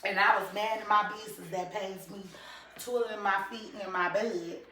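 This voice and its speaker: A woman's voice: mid-range voice, normal speed, recorded from a distance, a crowd in the background. A woman YouTube vlogger chatting casually and animatedly to her viewers. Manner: animated, talks straight to viewers. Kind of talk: casual commentary chat. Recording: echoey room, voice off-mic.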